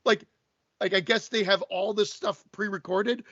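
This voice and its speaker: A man's voice: high-pitched, fairly even intonation, normal speed, fairly bright tone, no echo, muffled recording. A Canadian man co-hosting a podcast in casual chat, rambling with many restarts and stammers. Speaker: podcast co-host.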